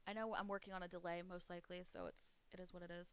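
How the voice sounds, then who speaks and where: Chatty young woman streamer, smooth voice. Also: lowish voice, flat delivery, quick pace. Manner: rambling, chatty, swears casually. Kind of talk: casual chat with viewers. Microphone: desk mic at a home computer setup.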